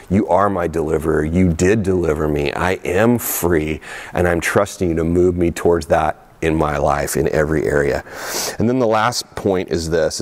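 A middle-aged man preaching a sermon as pastor, animated and repetitive, sometimes acting out the voices of the people he talks about. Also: low voice. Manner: animated, repeats words, acts out voices of the people.

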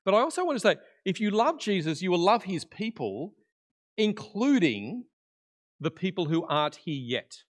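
A man preaching a conversational sermon in church, swinging between loud emphasis and quiet, intimate asides. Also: sits high, sing-song, normal speed. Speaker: pastor.

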